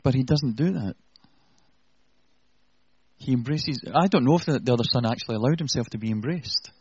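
Man delivering a sermon, earnest and conversational with wry asides, slightly husky; dull, muffled recording. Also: medium pitch, brisk, darkish tone. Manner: earnest, conversational preaching with self-deprecating asides. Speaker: preacher.

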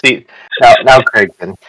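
A man's voice: mid-range voice, slow pace, fairly bright tone, dry recording, low-quality recording. A man from the United States hosting a casual podcast chat, rambling along with lots of fillers and restarts. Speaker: podcast host.

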